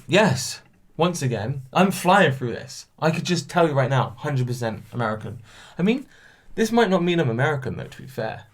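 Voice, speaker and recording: Young British man hosting a solo podcast, chatty and self-mocking. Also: medium pitch. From United Kingdom. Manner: chatty and self-mocking, with bursts of loud enthusiasm. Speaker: podcast host. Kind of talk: casual solo podcast chat.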